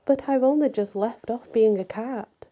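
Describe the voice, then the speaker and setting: An excitable young lady from a fairy tale, once a cat, talks in a lifted, fussy voice, as a woman puts her on. The tone is dark and mellow. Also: on the high side, moderate pace, voice pushed up, lightly acted. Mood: ashamed. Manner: tearful, then proud and excited.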